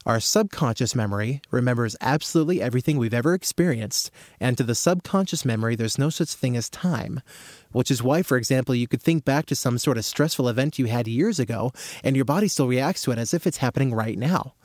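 Man, casual explanatory talk, animated storyteller, middle pitch, dry close sound. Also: brisk, dry recording. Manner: animated storyteller, acts out scenes with rising excitement. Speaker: practitioner explaining his therapy method.

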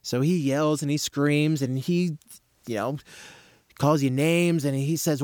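A man explaining his therapy method in a casual talk, acting out little scenes with growing excitement. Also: on the high side, unhurried, no echo, studio quality. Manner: animated storyteller, acts out scenes with rising excitement.

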